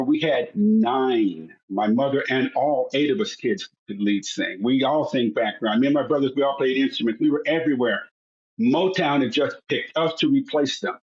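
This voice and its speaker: A man's voice: mid-range voice, expressive, moderate pace, lo-fi sound. A man in his sixties, a podcast guest, telling his family story and acting out the voices of his relatives. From United States. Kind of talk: personal storytelling.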